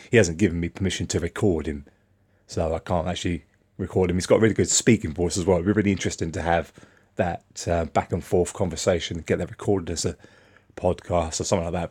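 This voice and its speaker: A man's voice: sits low, darkish tone, breathy edge. A man telling a casual, rambling story to camera, full of fillers and restarts. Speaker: vlogger.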